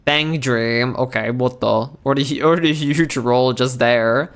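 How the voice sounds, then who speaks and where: Brief: young male streamer, mid-pitched, chatty and rambling, casual game-stream talk. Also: normal speed, a bit bright. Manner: rambling, lots of "like" fillers and restarts. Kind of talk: casual chat while gaming.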